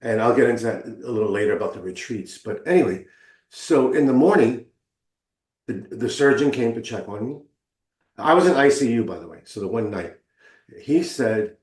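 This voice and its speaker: A man of ordinary pitch tells his own story as an interview guest, earnest and openly emotional. He slips into the voices of the people he quotes. The room gives his voice a noticeable echo. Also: lively intonation, brisk, a little mellow. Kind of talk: storytelling in conversation. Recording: roomy echo.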